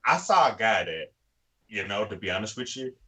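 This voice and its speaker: A man co-hosting a sports podcast, animated, acting out players' thoughts and often saying "to be honest with you.". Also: fairly low pitch, moderate pace. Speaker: podcast co-host. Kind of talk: casual sports podcast talk.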